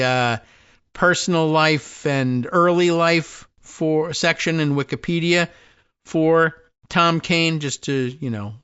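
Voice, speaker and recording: A man's voice: on the high side, a bit bright, clear, resonant tone, dull audio. A man hosting a podcast, telling a rambling, wry story in a casual monologue with many restarts. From New Jersey. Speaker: podcast host.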